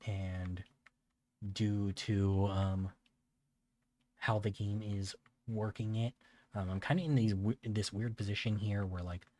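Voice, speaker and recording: A man streaming a video game, talking in a laid-back, halting way with many fillers. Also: lowish voice, a little mellow. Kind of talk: casual gameplay commentary.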